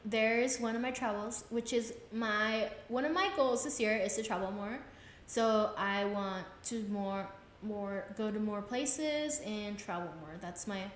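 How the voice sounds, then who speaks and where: A woman's voice: medium pitch, reverberant, slight background noise. A woman in her twenties from Texas, hosting a podcast and telling a casual travel story, acting out her own reactions as she goes. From Texas, USA. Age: 20s. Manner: chatty, acts out her own reactions with "I was like". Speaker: podcast host.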